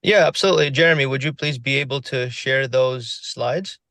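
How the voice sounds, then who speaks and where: Man, fast talker, on a phone, dry sound, casual presentation. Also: medium pitch, fairly bright tone, no echo. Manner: fast-talking. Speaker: presenter on a call.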